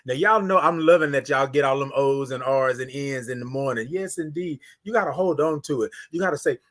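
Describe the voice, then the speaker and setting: A man's voice: medium pitch, fairly quick. A man from Houston with a Texan accent, hosting a live morning talk show, calling out to his viewers and greeting them by name. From Houston, Texas. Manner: animated, preachy call-and-response with the audience. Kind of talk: live-stream morning talk with chat shoutouts.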